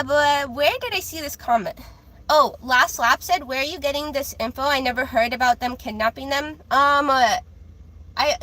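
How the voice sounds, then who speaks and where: A woman's voice: high voice, bright, forceful tone, rough recording. A woman streaming live as a tarot reader, chatting casually with many fillers and restarts in a childlike voice.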